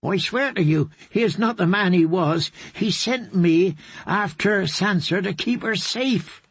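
A woman's voice: mid-range voice, a little slow, husky, no room sound, voice pushed up. A man doing an earnest, pleading woman knight. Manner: pleading, stammering oaths.

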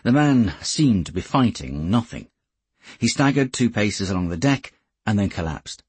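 Deep-voiced, very husky male narrator. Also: big pitch swings, moderate pace, darkish tone, dry recording. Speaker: audiobook narrator. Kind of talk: scripted audiobook narration.

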